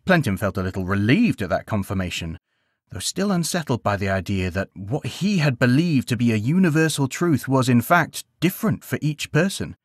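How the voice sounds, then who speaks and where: A man tells a bedtime story in a gentle, expressive way. His voice rises and falls with lively intonation. The recording is close and dry. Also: mid-range voice, normal speed, dry recording.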